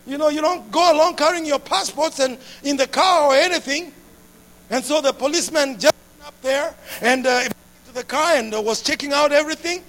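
A man preaching a sermon with passion, repeating phrases and building up to shouts. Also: very high-pitched, fairly quick.

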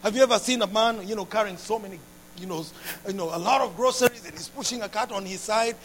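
Very high-voiced impassioned male preacher. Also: fast, slight background noise. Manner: impassioned, builds to shouting, repeats phrases. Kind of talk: sermon.

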